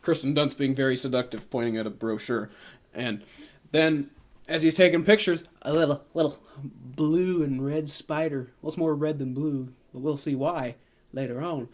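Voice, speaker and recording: A podcast co-host with a slightly high voice and moderate pace recaps a movie plot in a casual chat. He rambles along, acting out scenes in silly, goofy put-on voices.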